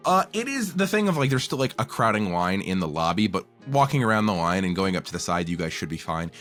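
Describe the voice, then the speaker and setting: A man's voice: sits low, big pitch swings, quick pace, fairly bright tone, faint music behind. A man narrating as game master, rambling with many fillers as he describes scenes.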